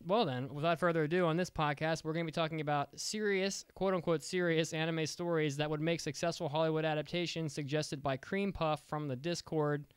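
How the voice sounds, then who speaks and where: Male podcast host, smooth slightly high voice, upbeat and jokey, dry close mic. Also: fairly even intonation, a little fast, few pauses, no echo. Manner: upbeat, joking, rambling with restarts. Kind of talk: casual podcast chat.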